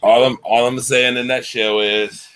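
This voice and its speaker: A man's voice: medium pitch, flat delivery, normal speed, fairly bright tone, clean tone. A man hosting a casual sports talk show, emphatic and given to repeating himself. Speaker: show host.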